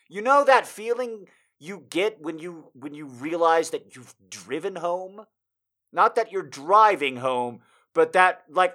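Animated, high-voiced man telling a comic story. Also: unhurried. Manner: animated, profane, bursts into loud sung and shouted asides. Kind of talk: comedic storytelling monologue.

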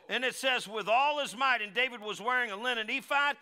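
A middle-aged pastor preaches a lively sermon in a high, bright voice, moving fairly quickly with hardly a pause. He acts out the people in his stories with character voices and has the congregation repeat lines back to him.

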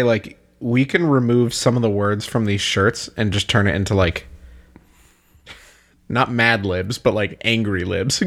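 A man's voice: on the low side, fairly bright tone. A man in casual podcast chat with a wry tone who laughs through many of his lines.

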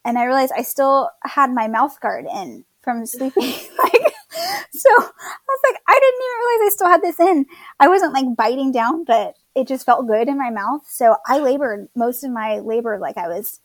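A woman's voice: on the high side, lively intonation, moderate pace, no echo. A young woman casually telling her birth story, chatty, quoting others and laughing at herself.

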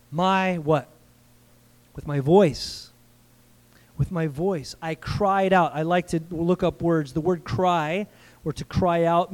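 A man preaching a sermon in a conversational way, asking the congregation questions and slowing down to stress key phrases. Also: high-pitched, a little mellow. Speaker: pastor.

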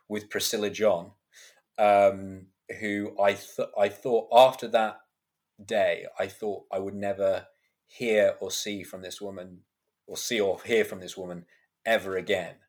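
A man in his thirties, an actor guest on a podcast, telling animated anecdotes and laughing often. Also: lowish voice. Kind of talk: podcast interview storytelling.

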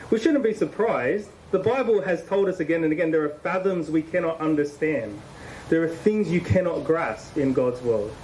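A man's voice: high-pitched, darkish tone, distant mic, a little hiss or hum, low-quality recording. A man preaching a sermon in a conversational, emphatic way, repeating phrases for stress.

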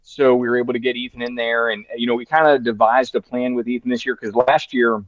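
A man's voice: medium pitch, level tone, fast, dry recording. A man in his thirties telling a long story in casual chat, full of "you know" fillers and restarts. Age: 30s. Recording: dry, slightly dull sound.

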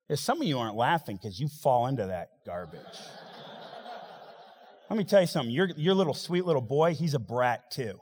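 A man preaching a sermon as pastor, swinging between loud rising exhortation and quiet, wry asides. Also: medium pitch, big pitch swings, normal speed. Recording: long hall reverb.

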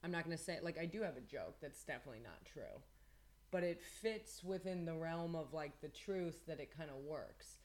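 A podcast co-host in casual chat, teasing a friend and rambling through stories with frequent restarts. The voice sits at a middle pitch. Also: lively intonation, moderate pace, darkish tone.

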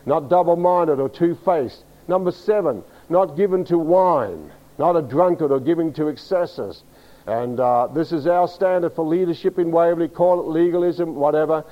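A man's voice: fairly high pitch, moderate pace, muffled recording. A pastor preaching a teaching sermon, emphatic and direct, often asking his congregation to agree. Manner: emphatic, spells words out, asks the congregation.

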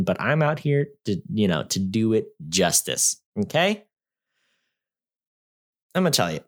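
A man with a slightly low voice talks through a movie in a loose, rambling way. He jokes and leans on fillers as he chats like a podcast host. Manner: rambling, chatty, joking, full of fillers. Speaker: movie reviewer. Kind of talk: casual podcast movie review.

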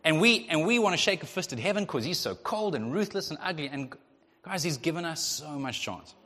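A male pastor preaching a sermon in a lively way, acting out the voices of the people in his story. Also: on the high side, a little fast. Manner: animated, acts out voices of God and the Israelites. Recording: long hall reverb.

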